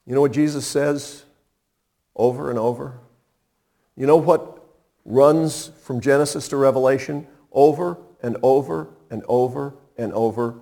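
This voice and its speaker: A middle-aged man preaching a sermon in a conversational, humorous way, pausing for effect. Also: medium pitch, vocal fry, warm tone. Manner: conversational and humorous, with dramatic pauses. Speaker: pastor.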